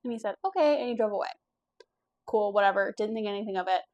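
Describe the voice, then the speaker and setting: A woman's voice: mid-range voice, steady tone, fast, a little mellow. Candid young woman telling a story. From US East Coast. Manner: candid, casual, swears, acts out quotes. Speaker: vlogger. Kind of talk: storytime vlog.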